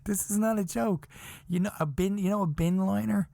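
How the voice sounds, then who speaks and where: A man hosting a podcast, telling a story in a casual, animated way, chuckling often, swearing, and insisting that it is true. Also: high voice, moderate pace, gravelly, noisy background. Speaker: podcast host.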